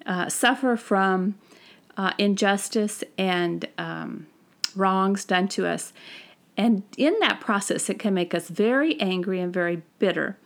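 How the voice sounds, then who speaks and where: A woman teaching a recorded Bible study lesson, talking through the passage conversationally with frequent fillers and restarts. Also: medium pitch.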